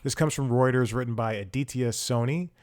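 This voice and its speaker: A man's voice: medium pitch, brisk, a little mellow. Rambling exasperated young man host. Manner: rambling, exasperated, full of restarts and laughs. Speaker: podcast host. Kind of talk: casual comedic rant.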